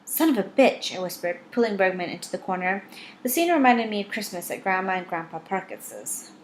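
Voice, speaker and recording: Woman reading a novel out loud, first person, wry dry tone, faint hiss behind. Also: lowish voice, very animated, brisk. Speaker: audiobook reader.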